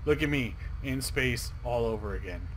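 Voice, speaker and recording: A man's voice: medium pitch, lively intonation, normal speed, slight background noise. A man hosting a let's play, giving casual gaming commentary in a profane, joking, rambling way.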